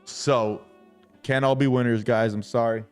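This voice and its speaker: A man's voice: medium pitch, steady tone, unhurried, clear, resonant tone, faint music behind. A young man hosting a trading livestream, talking brashly to his chat, swearing often and hyping himself up.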